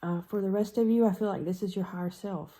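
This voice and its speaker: A woman giving a pick-a-card tarot reading, musing slowly and trailing off into soft murmurs as she works through the cards. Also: mid-range voice, steady tone.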